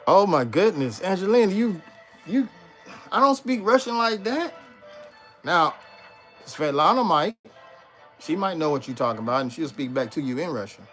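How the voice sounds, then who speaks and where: A man's voice: fairly high pitch, animated, normal speed, pauses often, fairly bright tone, soft background music. A man hosting a casual livestream, chatting loosely with viewers and reading out their comments. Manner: laid-back, chatty, reads out chat and answers viewers. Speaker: livestream host.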